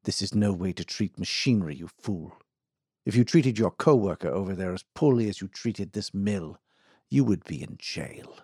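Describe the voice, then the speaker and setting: A man's voice: on the low side, big pitch swings, moderate pace, dark tone, no echo, clean studio sound, full character voice. A man playing a haughty aristocratic engineer. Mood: formal, commanding. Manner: crisp, formal, commanding. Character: aristocratic male engineer, commanding, disdainful.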